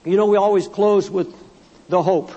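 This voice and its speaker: A man's voice: high voice, steady tone, moderate pace, mellow, lo-fi sound. A man preaching a sermon as pastor, speaking fervently, repeating phrases for emphasis, reading scripture and addressing the congregation directly. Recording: long hall reverb in a church.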